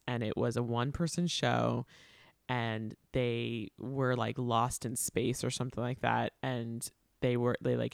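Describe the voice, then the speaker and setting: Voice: mid-range voice, creaky, no room sound, studio quality. An interviewer who works in theater education, affirming often and sharing stories in casual conversation over a video call.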